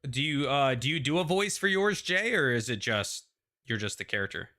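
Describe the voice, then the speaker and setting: Bright-voiced man rambling casually. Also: mid-range voice, expressive, moderate pace. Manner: rambling, hedging, chatty. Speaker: show host. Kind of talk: casual pre-show chat.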